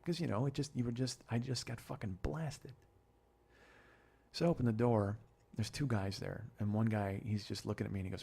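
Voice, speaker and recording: A middle-aged man hosting a podcast, telling a long profane story in a rambling, animated way. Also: fairly low pitch, brisk, vocal fry, husky. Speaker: podcast host. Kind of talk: storytelling monologue.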